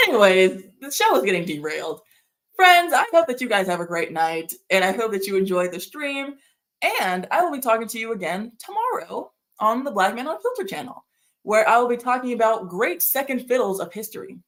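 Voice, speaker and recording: A woman's voice: lowish voice, animated, normal speed, fairly bright tone. Breathless chatty woman hosting a livestream. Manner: rambling, chatty, laughs often. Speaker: livestream host. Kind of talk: casual chat reading viewer comments.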